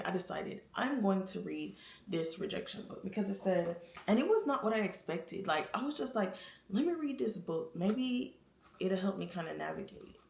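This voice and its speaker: A young woman talking candidly to her viewers from her apartment, chatty and quick to laugh. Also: on the low side, creaky, reverberant. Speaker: vlogger. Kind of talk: casual confessional talk to camera.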